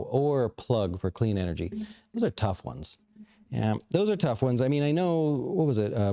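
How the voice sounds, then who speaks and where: A middle-aged man speaks at a low pitch with a dark, mellow tone. He hosts a casual livestream and answers viewer questions, thinking aloud in a loose, rambling way full of fillers and restarts. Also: gravelly. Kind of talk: casual live chat about investing.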